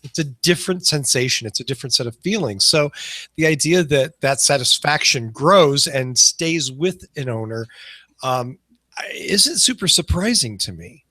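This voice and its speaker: Joking bright-voiced male podcast host. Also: medium pitch, animated, normal speed, dry recording. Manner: joking, facetious. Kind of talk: casual podcast banter.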